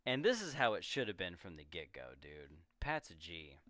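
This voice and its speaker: A man co-hosting a podcast, recapping a movie in casual chat with animated storytelling. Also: deep voice, moderate pace, no echo, clean studio sound. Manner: animated storytelling, jumps into quoting characters. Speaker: podcast co-host.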